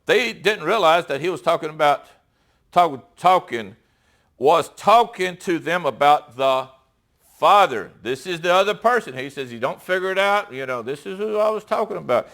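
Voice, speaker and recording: A man preaching a sermon in a conversational way, reading scripture aloud, pausing and correcting himself as he goes. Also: a little high, expressive, a bit bright.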